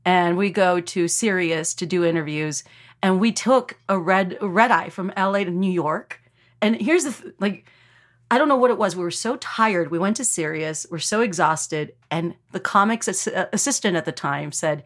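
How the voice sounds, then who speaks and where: A woman from Texas, a comedian telling a story in casual podcast chat, animated and full of fillers, acting out quotes. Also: medium pitch, normal speed. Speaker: comedian guest.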